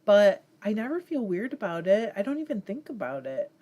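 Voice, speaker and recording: A woman's voice: mid-range voice, very animated, a little fast, dark tone, lo-fi sound. A woman from Michigan hosting a casual livestream, chatting and reading viewer comments aloud with many fillers. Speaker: livestream host reading chat. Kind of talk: casual chat.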